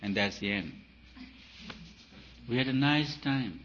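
A man giving a spiritual talk, emphatic and repetitive, his voice swelling and dropping in loudness. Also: medium pitch, animated, slow pace. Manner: emphatic, repeats phrases, rises and falls in loudness. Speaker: spiritual teacher. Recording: dull lo-fi recording with faint hiss.

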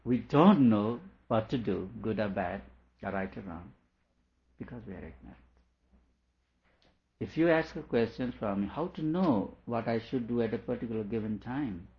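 A man teaching a lecture on a scripture, working through each point slowly and repeating himself to make it clear. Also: fairly low pitch, lively intonation. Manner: deliberate, explains by repeating and rephrasing. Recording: dull lo-fi recording.

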